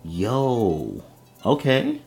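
A man's voice: medium pitch, wildly swooping pitch, very slow, creaky, a little mellow, slightly rough, soft background music. A man hosting a manga reaction video, reading panels aloud with loose, slangy asides. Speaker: manga reaction channel host. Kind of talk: casual reaction and read-aloud.

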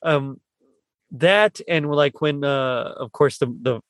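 A man hosting a casual movie podcast, talking in a rambling, halting way with lots of fillers and restarts. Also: fairly high pitch, dry recording, clean studio sound. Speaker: podcast host.

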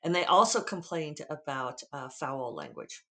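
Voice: medium pitch, huge pitch swings, a little slow, sharp tone. Candid, rambling speaker with a Western US drawl. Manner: candid, digressive, freely profane. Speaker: author and podcast host. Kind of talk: casual podcast talk.

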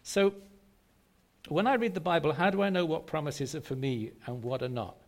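A man delivers a sermon in a gravelly voice that sits a little high. He is emphatic and repeats his phrases, often turning to the congregation with rhetorical questions. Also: normal speed. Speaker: preacher. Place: church service.

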